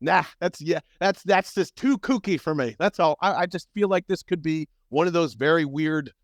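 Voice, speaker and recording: A man co-hosting a casual sports podcast, animated and profane, his voice swinging up and down as he argues. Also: moderate pace, dry recording, studio quality. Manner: animated, profane, jumps up and down in pitch. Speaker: podcast co-host.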